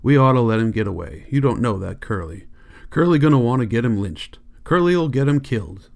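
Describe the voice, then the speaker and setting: A man's voice: medium pitch, normal speed, mellow, smooth, close to an everyday voice. A man voicing an old one-handed ranch hand, grieving and fearful, with a sorrowful rural drawl. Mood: pleading.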